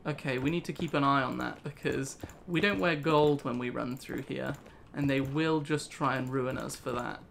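A man's voice: mid-range voice, normal speed, gravelly, fairly bright tone, slight background noise. Chatty British man rambling over gameplay. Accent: British English. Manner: rambling, chatty storytelling with frequent laughs. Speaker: gaming channel host. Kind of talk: casual let's play chat.

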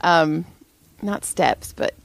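A woman co-hosting a casual chat, animated and swearing freely as she acts out what people said. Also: low-pitched, extremely slow, gravelly, noisy background. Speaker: podcast co-host.

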